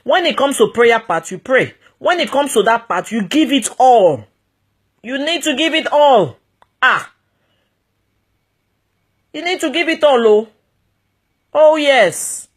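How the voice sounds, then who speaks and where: A woman with a Nigerian accent giving marriage advice in an animated monologue, emphatic and repetitive, full of exclamations and pidgin phrases. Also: sits high, unhurried, pauses often.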